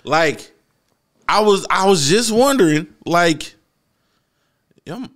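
Brief: lively male co-host with a bright, sharp voice and loud, excitable reactions. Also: high-pitched, takes it slowly. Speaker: stream co-host. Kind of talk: casual reaction chat.

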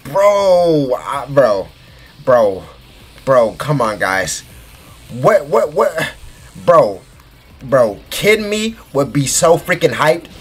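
A man in his twenties giving excitable let's play commentary, shrieking in delight and saying bro constantly. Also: medium pitch, slightly rough. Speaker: gaming YouTuber.

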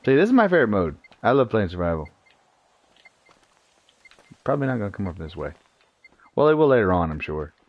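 Jokey male streamer, swooping lively pitch. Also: brisk, long pauses, no echo, highs cut off. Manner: jokey, swears, talks to himself and teammates. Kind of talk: live gameplay commentary.

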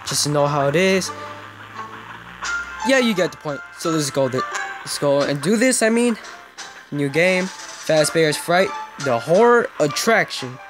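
A young gamer giving casual, joking commentary while playing and talking to viewers. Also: mid-range voice. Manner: joking, chatty, talks to viewers. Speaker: gameplay video host.

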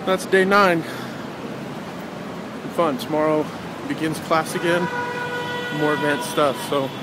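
A man's voice: fairly high pitch, slow pace. A man casually vlogging his day on the city streets, chatty and hesitant with many ums. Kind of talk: casual daily vlog. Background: traffic and street noise.

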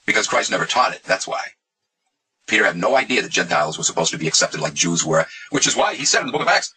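A man's voice: deep voice, big pitch swings, quick pace, bright, forceful tone, slightly rough, rough recording. A man hosting a casual monologue video, talking in a sarcastic, mocking way. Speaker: video host.

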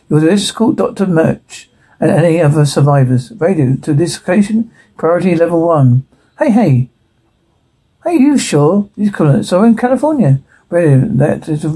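A man's voice: a little high, warm tone, slightly rough. A man reading a TV script aloud on his own, voicing every part and calling out the sound cues, with frequent stumbles and restarts. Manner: reads every part and stage direction in one voice, with stumbles and restarts. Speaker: solo reader voicing all parts and sound cues.

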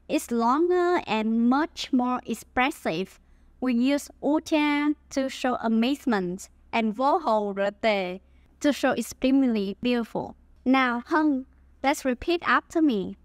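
Woman, Vietnamese accent, scripted language lesson, dry close recording, slow careful phrasing. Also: high-pitched, no room sound. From Huế, Vietnam. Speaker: language teacher.

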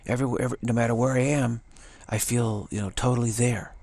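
An older man giving a casual spiritual talk, rambling and halting with many restarts and playful acted-out quotes. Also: medium pitch, fairly even intonation, a little mellow, no echo. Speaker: spiritual teacher.

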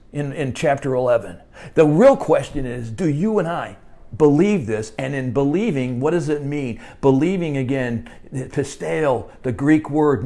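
An American pastor teaches a Bible study in a conversational, slightly mellow voice. He often checks in with "all right?" and his voice climbs high when he stresses a point.

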